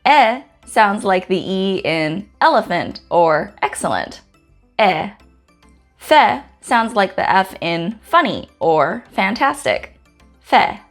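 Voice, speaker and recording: Woman carefully pronouncing letters. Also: medium pitch. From Guam. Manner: slow, careful letter-by-letter pronunciation. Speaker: host teaching the Chamorro alphabet. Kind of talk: scripted pronunciation lesson. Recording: faint music in the background.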